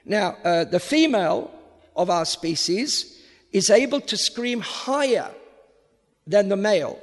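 A high-voiced man with an Australian accent, tinged faintly American, gives an unhurried lecture as a priest. He takes his time and often repeats a word while reaching for the next one. His voice rings out with the long reverb of a hall. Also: expressive. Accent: Australian with a slight American tinge. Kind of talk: public lecture.

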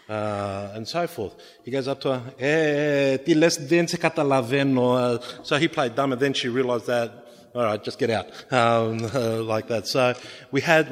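A middle-aged man, an Orthodox priest, chatting casually through a slideshow of a pilgrimage, rambling into anecdotes with plenty of fillers. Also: mid-range voice. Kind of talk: slideshow travel talk. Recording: reverberant hall.

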